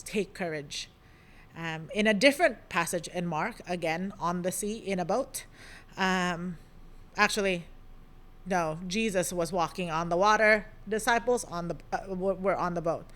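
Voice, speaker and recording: A woman hosting a podcast, giving a thoughtful devotional reflection in a gentle manner, pausing often with soft ums. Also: on the low side.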